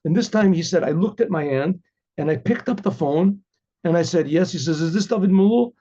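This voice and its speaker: High-voiced man telling a story. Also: brisk, warm tone. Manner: retells a story in first person, acting out quoted dialogue with many "he says"; occasional throat clearing. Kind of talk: spoken storytelling. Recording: dull lo-fi recording.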